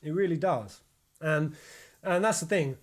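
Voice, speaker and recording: A man's voice: fairly high pitch, unhurried. Ranting man on a stream. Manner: animated, swearing freely, ranting. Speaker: stream host. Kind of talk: casual live-stream chat.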